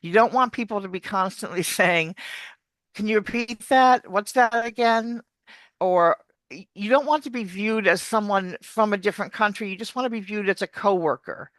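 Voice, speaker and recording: This accent coach talks fairly quickly in a mid-range voice, demonstrating words while explaining answers in an interview. The delivery resembles an animated teacher, and the recording is dry.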